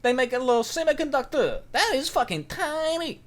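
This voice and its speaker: A man putting on a boastful foreign sniper who speaks broken English and brags loudly, in a comedy podcast bit. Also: extremely high pitch, animated, a little fast, pitched above the performer's own voice. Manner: broken English, loud bragging.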